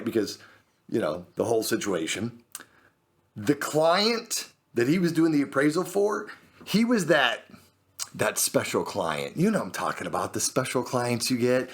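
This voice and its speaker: Animated man telling a true story. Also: medium pitch, normal speed. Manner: animated, acts out the people in his story. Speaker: host. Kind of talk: storytelling monologue.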